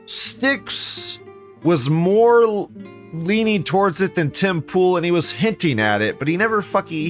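Reading viewers' posts out loud on his live stream, the male host responds with scornful, profanity-laced rants that shift from loud outbursts to low muttering.

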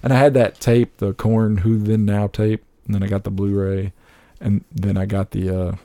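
A man in his thirties on a casual podcast, animated and swearing freely, laughing often. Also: lowish voice, moderate pace, gravelly, dry recording. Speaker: podcast co-host.

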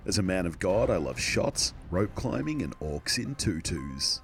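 A low-voiced man introduces his tabletop game character, cracking jokes as he goes. His delivery is lively and swings up and down, with clear music running behind him. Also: measured pace. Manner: wisecracking. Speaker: player.

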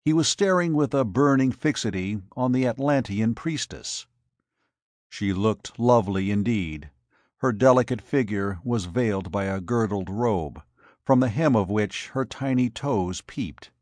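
A man reading an adventure story aloud in a measured, dramatic way. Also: fairly low pitch, darkish tone, no room sound. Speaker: audiobook narrator. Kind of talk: scripted narration.

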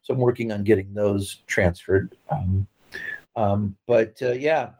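A man's voice: on the low side, fairly even intonation, unhurried, darkish tone, rough recording. A middle-aged man telling family stories in casual conversation, rambling with lots of fillers and restarts and laughing at his own anecdotes. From California. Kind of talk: casual storytelling.

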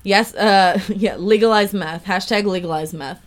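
A woman's voice: medium pitch, moderate pace. A young woman co-hosting a podcast, reading out answers with profane, laughing remarks. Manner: profane, laughing, reads questionnaire answers aloud. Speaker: podcast co-host. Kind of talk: casual chat.

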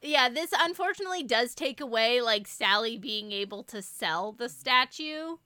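A woman co-hosting a casual podcast chat about a TV show, animated and acting out lines from it. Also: on the high side, normal speed, dry recording, clean studio sound. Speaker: podcast co-host.

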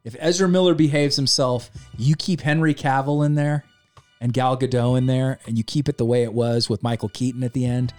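This podcast co-host chats casually through a movie review, recapping the film, acting out scenes, laughing and swearing a bit. He talks fairly quickly in a mid-range voice with fairly even intonation, and faint music plays behind him.

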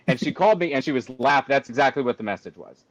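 A man telling a long story on a call in an animated, ranting way, jumping high when he quotes himself. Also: quick pace, no room sound, dull audio.

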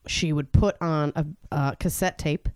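A woman in her thirties performing a stand-up comedy set on a club stage, brash and animated, jumping into high exasperated outbursts. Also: measured pace, smooth, no echo. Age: 30s. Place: comedy club stage before a live audience.

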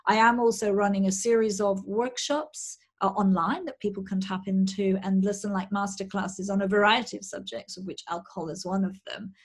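A woman's voice: mid-range voice, fairly even intonation, normal speed, hardly any pauses, husky. Woman coach explaining her work. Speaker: menopause coach. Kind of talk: interview guest.

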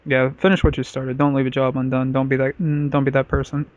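A man's voice: mid-range voice, monotone, fast talker, no room sound. A man casually telling a crude personal story on a podcast, rambling with lots of filler words. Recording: dull, lo-fi podcast audio.

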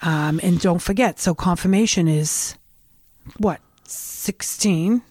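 A woman's voice: lowish voice, slow, darkish tone, no echo, studio quality. A middle-aged woman with a New England accent telling candid, rambling stories in a casual conversation. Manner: rambling, candid storytelling with restarts.

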